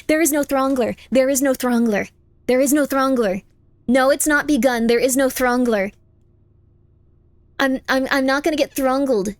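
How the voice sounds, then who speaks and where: High-voiced playful woman streamer, dry sound. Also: moderate pace, no room sound. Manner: playful, teasing, insistent, repeats phrases over and over; jumps into squeaky high protests. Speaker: live streamer. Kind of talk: casual live-stream chat while gaming.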